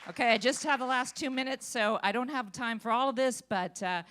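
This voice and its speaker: Woman, stand-up comic, brash, bawdy, teasing, high voice, comedy club. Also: brisk, a bit bright, a faint crowd, a little hiss or hum.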